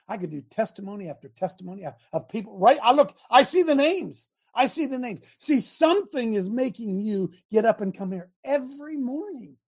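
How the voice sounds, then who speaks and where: A husky man hosts a faith show in the manner of a coach. He jumps from loose chat to shouted exhortation, repeating phrases and laughing between points. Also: high voice. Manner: animated, shouting bursts, laughs, repeats himself. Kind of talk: exhorting talk to a live audience.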